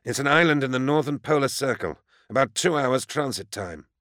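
A man voicing a dutiful male soldier-aide in an audiobook, with brisk, direct speech. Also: medium pitch, animated, no echo, studio quality, pitched above the performer's own voice, close to an everyday voice. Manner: brisk, loud commands.

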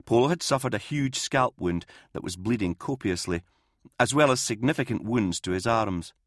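Male narrator, low-ish voice, grave and measured; dry studio read. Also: lively intonation, no room sound. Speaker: audiobook narrator. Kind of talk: scripted narration.

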